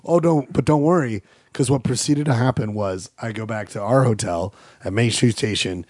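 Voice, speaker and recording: A man's voice: medium pitch, moderate pace, no room sound. A young man from Salt Lake City, telling stories in a casual podcast chat and acting out quotes. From Salt Lake City, Utah. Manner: animated, acts out quotes in put-on voices, laughs often. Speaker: podcast co-host.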